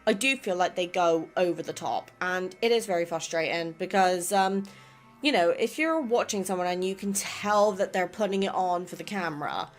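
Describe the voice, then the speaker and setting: With faint music behind her, a woman with a fairly low voice reads out comments from viewers of her gaming channel at a normal pace. She's English, a West Country speaker with an American tinge, and her talk is chatty, rambling and full of self-doubt.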